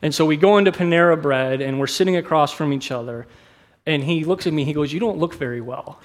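A man's voice: on the high side, fast talker. A middle-aged man, a pastor, preaching a sermon in a candid, conversational way, mixing personal stories with teaching. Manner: candid, conversational, self-deprecating.

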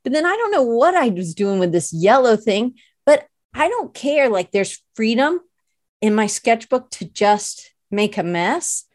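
A woman's voice: fairly high pitch, sing-song, measured pace, darkish tone, dry recording, clean studio sound. Chatty rambling woman podcast host. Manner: rambling, chatty, many "like" fillers; self-deprecating and playful. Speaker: podcast host and illustration teacher. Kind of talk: casual podcast chat.

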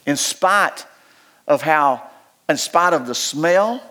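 A male pastor delivering a sermon in a notably high voice. He speaks in a folksy, homespun way, repeating key phrases and rising into impassioned stretches. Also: expressive, slow pace, sharp tone. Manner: folksy, repetitive, builds to impassioned peaks.

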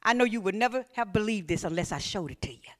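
A woman preaching a sermon, swinging between loud emphatic lines and near-whispers. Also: mid-range voice, lively intonation, fast.

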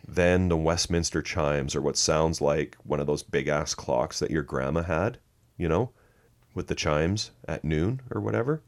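A music podcast co-host goes through a record track by track in casual talk, dry and sarcastic and laughing often. His voice is a rumbling low, his pace unhurried.

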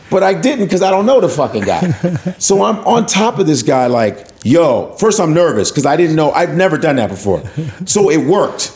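A man's voice: high voice, expressive, moderate pace, darkish tone. A man, a stand-up comedian, telling a story as an interview guest with lots of swearing, acting out the other people's voices. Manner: profane, acts out voices in his anecdotes.

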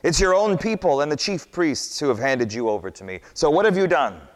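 A man's voice: fairly high pitch, lively intonation, brisk, pitched above the performer's own voice, lightly acted. A man voicing a stern, anxious Roman governor who raises his voice and presses with questions. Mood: demanding. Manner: demanding, raised voice. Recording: long hall reverb.

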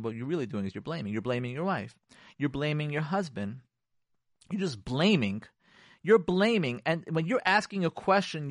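A man hosting a radio talk show on marriage, animated and emphatic, repeating his points and acting out mocking quotes. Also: on the high side, no room sound, studio quality. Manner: repetitive, emphatic.

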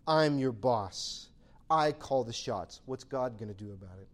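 Man putting on a low, mocking tyrant king, domineering, gloats over his power. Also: lively intonation, a little slow, lightly acted. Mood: gloating. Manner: gloating, taunting.

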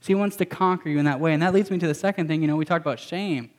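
A man's voice: a little high, racing. A man preaching a sermon as a pastor, emphatic and repetitive, mixing in casual slang.

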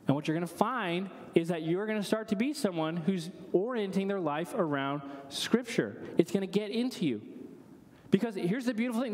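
A man in his thirties preaching a sermon in a high voice. He talks to the congregation like he's chatting with them, slipping into quick stories and asides. His voice rings through a large church hall with a long reverb. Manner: conversational, animated storytelling with asides. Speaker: pastor.

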